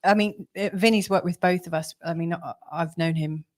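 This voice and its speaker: A woman co-hosting a live stream, chatting casually with many fillers and soft laughs over a video call. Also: on the low side, fairly even intonation, normal speed. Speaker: co-host of a live astrology giveaway show.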